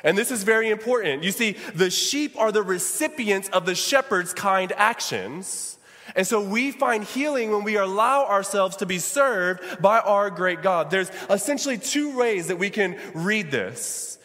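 A man's voice: high voice, animated, a little slow, bright, forceful tone. A man preaching a sermon as pastor, calling out to his congregation. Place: church sanctuary. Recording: long church reverb.

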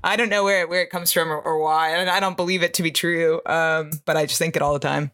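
Stand-up comic on a podcast, bright tense voice, laughs a lot, close dry mic. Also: mid-range voice, fairly even intonation, fast, smooth, no echo. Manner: laughing, self-mocking, chatty. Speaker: stand-up comedian and podcast host. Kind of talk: casual podcast chat.

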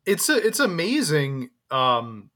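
A man's voice: on the high side, huge pitch swings, slow pace, a bit bright. A man co-hosting a podcast, talking in a loose, rambling way with frequent laughs and restarts. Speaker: podcast co-host. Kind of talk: casual podcast chat.

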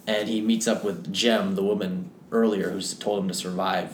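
A low-voiced man with fairly even intonation speaks at normal speed while recapping a film in a chatty, excited, meandering way. He co-hosts a film club podcast, and the echoey room carries some faint noise.

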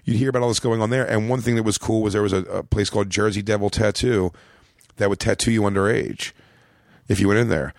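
A man's voice: on the low side, quick pace, creaky, no room sound, studio quality. A man in his late thirties from Philadelphia, a comedian telling stories in casual chat, rambling and acting out the people in his stories. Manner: rambling, animated storyteller acting out quotes. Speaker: comedian guest.

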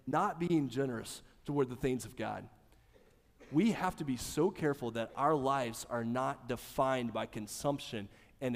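Guy pastor preaching, gets loud then goes quiet, sounds like a big echoey church. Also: mid-range voice. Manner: animated preaching, swings from loud emphasis to hushed. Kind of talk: sermon.

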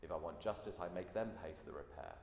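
Deep-voiced preacher in an echoey hall. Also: male voice, fast talker, creaky, darkish tone. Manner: earnest, rhetorical questions. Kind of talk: sermon. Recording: echoey hall, faint room noise.

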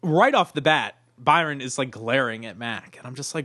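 A man's voice: medium pitch, moderate pace, bright, forceful tone. A man co-hosting a podcast, chatting casually as he recaps a TV episode and laughs often. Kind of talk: casual chat.

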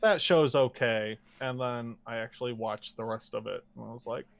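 A man's voice: mid-range voice, flat delivery, a little fast, vocal fry, a little hiss or hum. A man co-hosting a casual podcast, recapping a movie in a rambling, joking way and swearing often. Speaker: podcast co-host. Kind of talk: casual chat.

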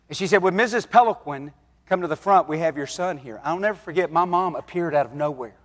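A man preaching a sermon, telling folksy stories and swinging between loud exhortation and hushed moments. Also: on the high side. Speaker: pastor. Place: church sanctuary. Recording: long hall reverb.

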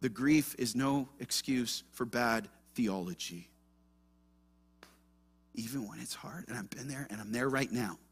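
A man preaching a sermon as pastor, moving between hushed asides and fervent, raised passages. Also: mid-range voice, a little slow, long pauses, husky. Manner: impassioned preaching, swings between hushed and loud.

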